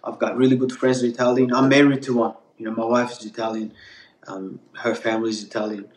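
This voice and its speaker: A man's voice: mid-range voice, little pitch movement, quick pace, reverberant. A Turkish man with a slightly Australian-tinged accent, a pizza maker chatting as a podcast guest, full of fillers and restarts. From Turkey. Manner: rambling, many fillers and restarts, laughs easily. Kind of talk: casual podcast interview.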